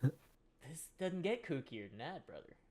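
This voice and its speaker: A man's voice: fairly high pitch, sing-song, a little slow, dark tone. Man, young adult, podcast co-host, casual chat, sarcastic, swears. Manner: joking, sarcastic, swears freely.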